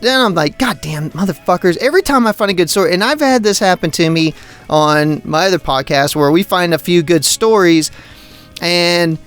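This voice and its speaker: A man's voice: a little high, fairly bright tone, smooth. A man hosting a podcast, telling stories in a rambling, profane and exasperated way. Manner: rambling, swears constantly, exasperated rants. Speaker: podcast host. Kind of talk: profane casual storytelling.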